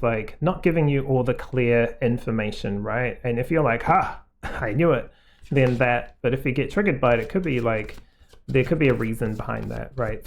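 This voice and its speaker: Gravelly man giving a rambling card reading. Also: medium pitch. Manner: rambling, heavy on fillers like "like" and "um"; reassuring, gently advising. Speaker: tarot card reader. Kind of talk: casual spoken card reading to viewers.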